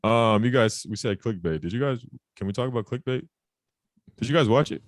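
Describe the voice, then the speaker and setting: A man's voice: mid-range voice, animated, fairly quick, dry recording. A man co-hosting a podcast, brash and swearing a lot, moving the talk from topic to topic. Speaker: podcast co-host. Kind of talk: casual chat.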